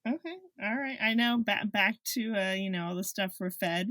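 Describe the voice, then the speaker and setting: A woman hosts a podcast interview, putting short questions to her guest and laughing along in casual chat. Her mid-range voice has a fairly bright tone and a moderate pace. The recording is studio quality with no echo.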